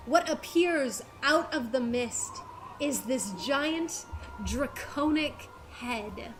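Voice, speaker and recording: A woman narrating a tabletop game as game master, slow and descriptive with many fillers. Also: high voice, lively intonation, slight background noise.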